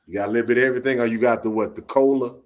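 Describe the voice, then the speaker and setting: A man hosting a live late-night talk show, chatting casually with a soft-spoken, laid-back, joking manner over a phone line. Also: mid-range voice, steady tone, very fast. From Orange, Texas. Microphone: phone call into live audio show.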